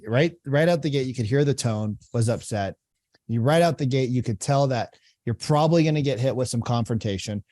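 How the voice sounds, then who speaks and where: Sales coach guy talking thru a call, mellow voice, dry close sound, keeps saying right. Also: mid-range voice, brisk, no room sound. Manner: explanatory, repeats phrases, frequent "right?". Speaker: sales coach and podcast host. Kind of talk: coaching commentary.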